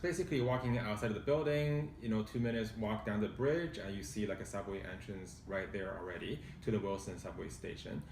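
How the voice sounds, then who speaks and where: A real estate agent with a measured, factual delivery, presenting a condo unit indoors. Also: male voice, on the low side, vocal fry, distant mic, noisy background. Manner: measured, factual, hesitant fillers. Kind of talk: informative property presentation. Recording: roomy sound from off-mic.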